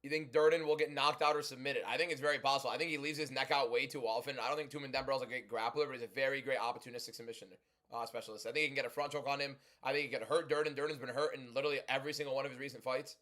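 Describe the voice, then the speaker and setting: A young man hosting a livestream, talking loudly and chatting casually as he reads and answers viewer comments. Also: mid-range voice, steady tone, very fast. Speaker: livestream host.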